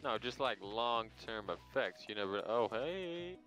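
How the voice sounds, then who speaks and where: A man's voice: mid-range voice, lively intonation, a little slow, a bit bright, soft background music. A man streaming a farming game and chatting casually with a friend, joking and a bit rambling, sounding tired. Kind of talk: casual gaming chat.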